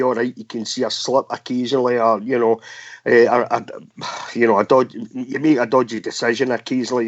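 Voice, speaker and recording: A man's voice: medium pitch, no echo. A man talks on a phone-in, frustrated and emphatic. The sound is very dry, dull and lo-fi. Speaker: co-host. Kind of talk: casual radio phone-in. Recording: dry lo-fi call audio.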